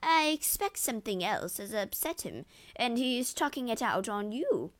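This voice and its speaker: A woman's voice: on the high side, sing-song, normal speed, pitched above the performer's own voice. A woman voicing a cold, scheming male villain who talks slyly. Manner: cold, sly.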